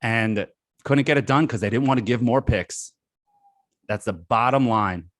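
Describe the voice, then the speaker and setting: A man's voice: medium pitch, a little slow, dry recording, studio quality. A man co-hosting a sports podcast, ranting angrily and exasperated. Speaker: podcast co-host.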